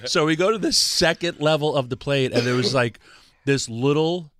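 A man telling a lively story in casual chat, laughing often and quoting people in voices. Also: fairly high pitch, moderate pace, no room sound, clean studio sound. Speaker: guest storyteller.

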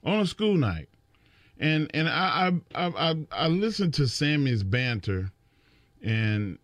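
A man's voice: fairly high pitch, no echo. A man in casual podcast chat, telling stories emphatically and often repeating words as he builds a point.

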